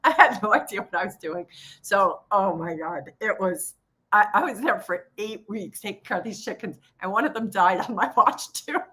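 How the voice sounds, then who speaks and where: A woman hosting a casual live trading coaching session from her home office, chatty and quick to laugh. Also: medium pitch, lively intonation, bright, forceful tone. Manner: chatty, laughs often, acts out quoted voices. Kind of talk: casual live-stream chat.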